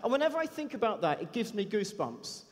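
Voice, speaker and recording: A man's voice: high voice, very animated, quick pace. A man giving a chatty, self-deprecating anecdotal talk on a conference stage. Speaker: conference speaker. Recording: long hall reverb.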